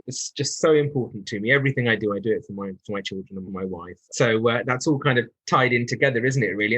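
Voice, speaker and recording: A middle-aged man with an English accent talks quickly and effusively. His voice is slightly husky, and the sound is close and dry. He speaks like an enthusiastic podcast guest. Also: mid-range voice, a bit bright, no echo, poor audio. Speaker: solicitor and law firm owner, podcast guest. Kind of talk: conversational interview answer.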